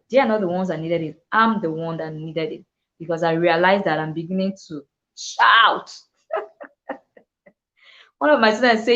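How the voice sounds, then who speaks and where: Earnest low-voiced woman teacher, lo-fi. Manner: earnest, acts out quoted voices, laughs often. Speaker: teacher and dyslexia coach. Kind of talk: motivational talk to teachers.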